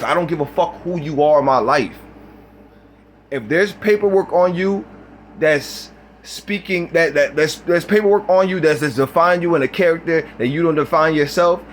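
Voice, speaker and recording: A man's voice: on the high side, slight background noise. A man recording a reaction video, ranting in a heated, profane way. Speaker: YouTuber.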